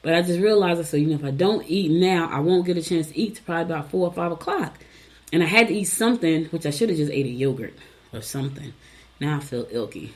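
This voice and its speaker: A woman's voice: low-pitched, quick pace. A middle-aged woman hosting a show, reading horoscopes in a casual, chatty way with folksy asides and repeated advice. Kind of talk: casual chat, reading and riffing.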